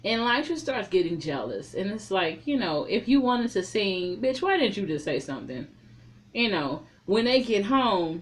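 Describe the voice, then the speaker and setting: A woman's voice: mid-range voice, normal speed. Blunt, profane woman recapping a film. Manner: profane, blunt, animated storytelling. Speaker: reviewer. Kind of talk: casual recap and commentary.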